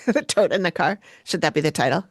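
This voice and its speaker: A woman co-hosting a podcast, recapping a TV episode in casual chat and jumping in pitch when she quotes people. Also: animated, fast talker, breathy edge, no echo, studio quality. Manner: chatty, quotes people with sudden pitch jumps. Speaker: podcast co-host.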